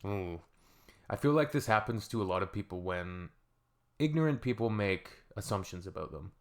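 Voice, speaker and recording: Man, lowish voice, gravelly fry, casual reaction commentary, chatty with fillers. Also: animated, moderate pace. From Canada. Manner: chatty, laughs easily, trails off with fillers. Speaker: reaction video host.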